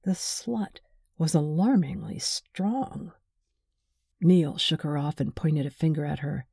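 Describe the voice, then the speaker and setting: Slow, gravelly woman narrating a novel. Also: low voice, expressive, mellow, no echo, clean studio sound. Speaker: audiobook narrator. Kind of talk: scripted narration.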